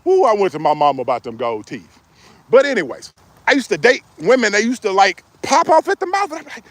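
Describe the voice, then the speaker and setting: A man's voice: sits high, very animated, fairly quick, a bit bright, dry recording. A middle-aged man giving relationship advice in a joking, preachy way. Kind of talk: casual advice monologue.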